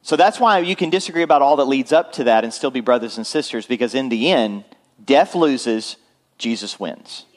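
A man's voice: mid-range voice, animated, normal speed. Male pastor, conversational sermon delivery, frequent check-ins with the congregation. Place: church.

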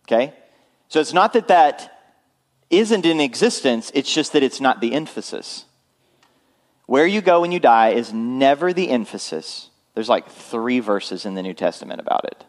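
A man's voice: medium pitch, expressive, moderate pace. Male pastor, conversational sermon delivery, frequent check-ins with the congregation. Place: church.

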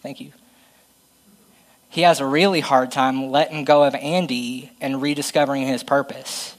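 A man's voice: mid-range voice, steady tone, normal speed, low-quality recording. A man preaching a conversational, self-deprecating sermon and reading Bible passages aloud.

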